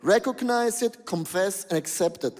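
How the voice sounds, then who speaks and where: A male pastor preaching a sermon in an animated, exclaiming way, with non-native phrasing, in a large church hall. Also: high voice, normal speed. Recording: long hall reverb.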